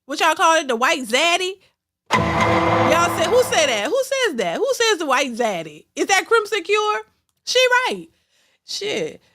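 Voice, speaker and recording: A woman's voice: extremely high pitch, big pitch swings, a little slow, sharp tone. A woman hosting a reaction channel, ranting bluntly and emphatically, repeating her points. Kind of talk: ranting commentary.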